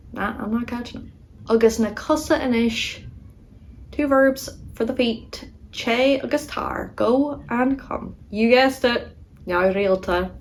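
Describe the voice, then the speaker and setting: A woman teaching Irish verbs with an Ulster Irish accent, repeating each form slowly and adding playful asides. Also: on the high side, poor audio. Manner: slow, careful drilling of words with playful asides. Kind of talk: casual spoken lesson.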